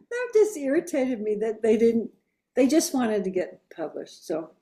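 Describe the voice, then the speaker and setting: A woman's voice: on the high side, big pitch swings, normal speed, dark tone. Blunt East Coast woman publisher. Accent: East Coast American. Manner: blunt, laughs often while recounting. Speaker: publisher being interviewed. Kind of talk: casual conversational interview.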